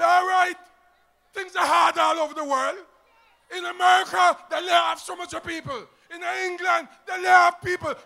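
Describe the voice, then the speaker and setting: A man with an Antiguan accent giving a loud, emphatic political rally speech to a crowd. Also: very high-pitched, creaky. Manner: shouting, emphatic, rousing crowd.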